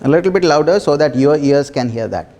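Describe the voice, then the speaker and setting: A man leading a small self-development workshop, talking earnestly with repeated phrases and soft laughs. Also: fairly high pitch, animated, brisk. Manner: earnest, repetitive, laughs softly between phrases. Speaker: workshop facilitator. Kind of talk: motivational workshop talk.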